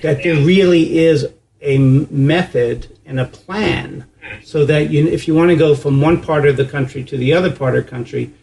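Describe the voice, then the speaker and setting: Gravelly, higher-voiced male host. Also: normal speed, a little mellow. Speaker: podcast host. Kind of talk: interview.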